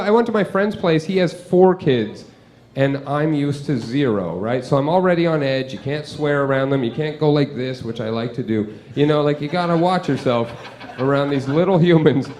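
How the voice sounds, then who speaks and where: Young guy doing standup in a club, kinda high voice, rambly and self-deprecating, says like a lot. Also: darkish tone. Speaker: stand-up comedian. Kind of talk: stand-up comedy set. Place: comedy club with live audience.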